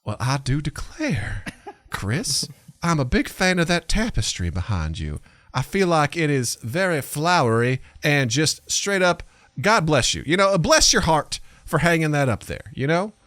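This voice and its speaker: A man putting on an American Southern accent, playing a genteel, flattering Southern belle. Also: a little high, measured pace, dry recording. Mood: gushing. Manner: sweet, drawling put-on compliments.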